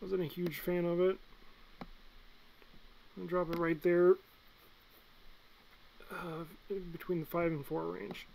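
Young guy rating movies, a bit high-voiced, blunt, gets loud then mutters. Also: slow pace, creaky, pauses often, a little hiss or hum, low-quality recording. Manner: blunt, excitable, swings loud and soft. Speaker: movie reviewer. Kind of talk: casual movie ranking vlog.

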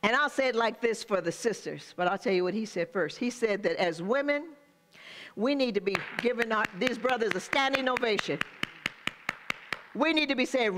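A woman's voice: on the high side, animated, normal speed, a bit bright, big-room sound. An older woman pastor preaching a sermon, speaking straight to the congregation with call-and-response asides.

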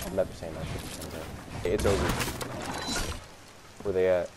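A young man giving slangy, excitable gameplay commentary, trash-talking opponents as he plays. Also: low-pitched, normal speed. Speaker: gaming YouTuber. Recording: noisy game audio behind. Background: game sounds.

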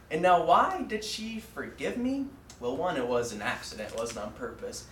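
A young man giving a student sermon in a classroom. He tells a childhood story earnestly, with frequent fillers and pauses. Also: fairly high pitch, big pitch swings, a bit bright, a little hiss or hum. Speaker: student preacher. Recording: roomy echo from far off.

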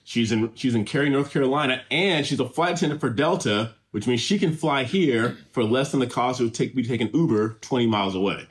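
A man's voice: medium pitch, a little fast, few pauses. A middle-aged man from Southern California, co-hosting a casual reaction show and reading viewer comments aloud in an easygoing, rambling way.

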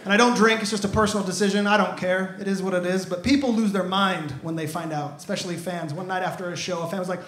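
A man's voice: high voice, fast, few pauses, fairly bright tone. A man in his thirties performing an upbeat stand-up comedy set on stage. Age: 30s. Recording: echoey stage sound.

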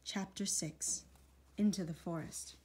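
Husky-voiced woman reading a storybook. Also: lowish voice, steady tone, measured pace, a little mellow. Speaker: audiobook reader. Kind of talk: storybook narration.

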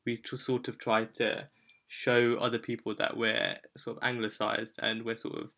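A man's voice: mid-range voice, little pitch movement, normal speed, vocal fry, a bit bright. Laid-back young man co-hosting a podcast. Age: young adult. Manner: easygoing, laughs often, hedges with "sort of". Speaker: podcast co-host. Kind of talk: casual chat.

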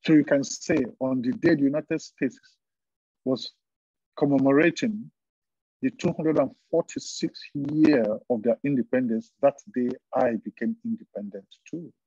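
Fervent pastor with a husky, mellow voice. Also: male voice, mid-range voice, dry recording, muffled recording. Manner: fervent preaching with repetition and emphatic pauses. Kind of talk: sermon.

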